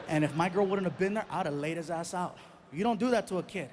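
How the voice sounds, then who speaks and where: A male stand-up comedian telling a story in an animated way and acting out each exchange. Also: high voice, fast talker, a little hiss or hum. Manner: animated, acts out every exchange.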